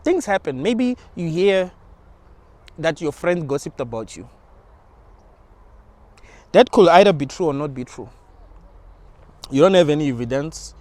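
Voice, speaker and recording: Casual higher-pitched man musing aloud. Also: lively intonation, measured pace, long pauses, darkish tone, dry recording. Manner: rambling, informal, with slang and frequent restarts. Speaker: channel host. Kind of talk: casual spiritual monologue.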